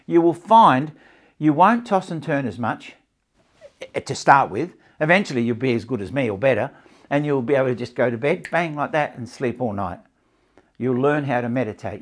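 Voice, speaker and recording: In a live talk to a small audience and a camera, a man with a mid-range voice teaches stress relief and better sleep. He goes over his points repeatedly and checks that people are following.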